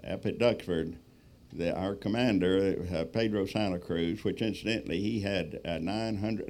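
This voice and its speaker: A man's voice: sits low, darkish tone. A man telling a rambling, folksy story from the stage as a guest speaker. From Texas. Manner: folksy, rambling, lots of fillers. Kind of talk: storytelling talk.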